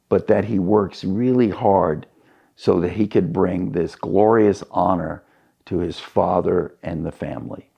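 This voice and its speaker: A man's voice: sits low, gravelly, mellow, breathy edge, dull audio. A man preaching a sermon, telling a story and acting out the characters' voices as he goes.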